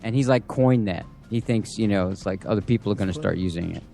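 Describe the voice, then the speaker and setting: A man's voice: fairly low pitch, quick pace, gravelly, warm tone, faint music behind. A man presenting a satirical news segment with a sarcastic, wry delivery.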